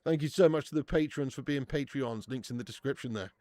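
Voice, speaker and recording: A man's voice: mid-range voice, quick pace, dark tone, no echo. A young man hosting a live watch-along stream, bantering with viewers, swearing and laughing often. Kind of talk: live casual chat to viewers.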